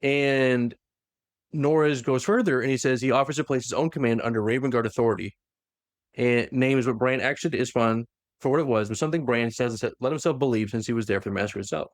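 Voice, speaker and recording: Retelling a novel for a podcast, this co-host speaks in a mid-range voice with studio quality and no room sound. His casual lore recap is animated, with the characters' lines performed in rapid voices.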